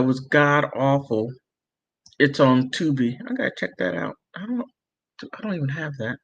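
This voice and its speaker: Male livestream host reading chat; loose, giggly, slow-paced, a bit high-pitched. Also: dull audio. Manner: giggly, laughs often between remarks; loose and rambling, full of fillers. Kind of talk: casual livestream chat reading viewer comments.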